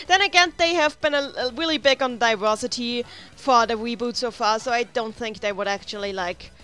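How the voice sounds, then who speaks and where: A high, bright-toned woman rambles chattily over her gameplay, often starting sentences again and wandering off into asides. Quiet game music runs faintly underneath her voice. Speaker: let's play host. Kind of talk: casual gameplay commentary.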